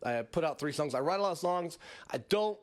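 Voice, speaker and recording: A man's voice: fairly high pitch, expressive, brisk. A man hosting a comedy podcast, rambling through a casual monologue with frequent laughs and mocking asides. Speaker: podcast host.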